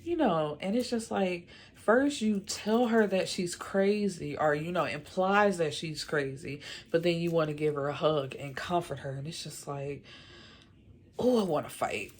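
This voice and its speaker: A woman with a low voice talks through a movie's plot in a loose, chatty way, leaning on "like" and "you know". She sounds opinionated and exasperated with the characters, tossing in slangy asides as she goes. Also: moderate pace, few pauses. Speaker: movie reviewer. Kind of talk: casual movie recap.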